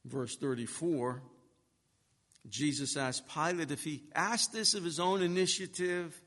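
A man preaching an expository sermon, speaking emphatically and building to forceful peaks. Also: on the high side, unhurried. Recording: long reverb of a large hall.

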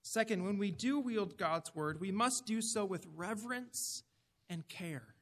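A man's voice: high-pitched, animated, a little slow, fairly bright tone, long reverb tail. A man preaching a sermon in an earnest, emphatic way, putting direct questions to his listeners.

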